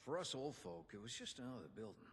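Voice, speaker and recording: An actor voicing a gruff older man who is a union inventor and quartermaster, speaking in a folksy, theatrical way. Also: medium pitch, very animated, fast talker, fairly bright tone, long reverb tail. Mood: somber. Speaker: game character giving quest dialogue.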